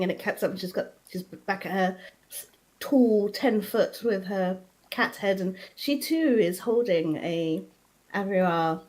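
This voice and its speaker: A woman playing a tabletop game, narrating her character in an unhurried, chatty way. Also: fairly low pitch, a little mellow, low-quality recording. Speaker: player. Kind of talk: casual tabletop role-play.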